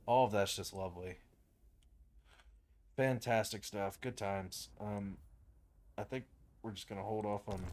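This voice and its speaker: A young man casually commenting on his strategy game, rambling and swearing, with lots of fillers. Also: fairly low pitch. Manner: rambling, profane, full of fillers. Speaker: game streamer.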